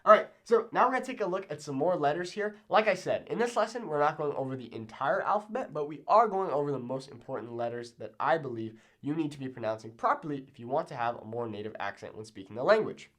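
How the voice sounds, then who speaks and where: A young man teaching a Spanish pronunciation lesson at a board, upbeat, repeating words slowly and checking in with "okay?" after each one. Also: a little high, lively intonation, fairly bright tone. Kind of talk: whiteboard language lesson. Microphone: camera in a classroom-style setup at a board.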